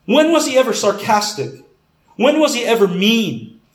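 Male pastor with a high voice, earnest preaching, roomy echo on the recording. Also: sing-song, normal speed. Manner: earnest, repeats words, asks questions. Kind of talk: sermon. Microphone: camera.

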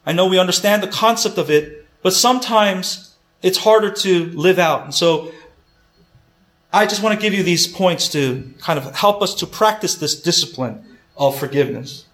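Man, sermon, emphatic storytelling, high pitch, roomy echo. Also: normal speed, a bit bright. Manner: earnest, emphatic, repeats key points. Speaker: preacher. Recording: echoey room.

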